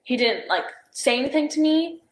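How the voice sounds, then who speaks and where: A young woman speaks in a slightly high voice, hesitating and circling back with "like" and "I don't know". She is recounting events in a police interview. The recording sounds roomy, as if taken in a bare interview room. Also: expressive, moderate pace. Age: young adult.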